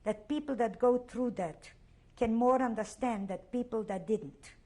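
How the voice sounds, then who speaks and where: An older woman from Poland with a Polish accent, giving a halting, emotional oral history interview and often repeating herself. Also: on the high side, mellow.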